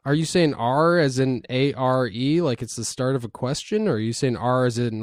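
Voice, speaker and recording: A man telling rambling, swear-laced stories in a casual podcast chat. His voice sits at a middle pitch and sounds dry and close, with nothing around it. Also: moderate pace, dry recording. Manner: rambling storytelling with swearing and fillers. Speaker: podcast co-host.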